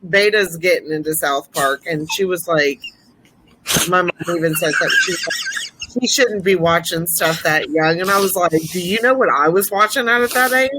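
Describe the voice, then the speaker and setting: A woman's voice: fairly low pitch, moderate pace, background noise. A woman in her thirties co-hosting a podcast, chatting casually, teasing and laughing easily. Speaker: podcast co-host. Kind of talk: casual chat.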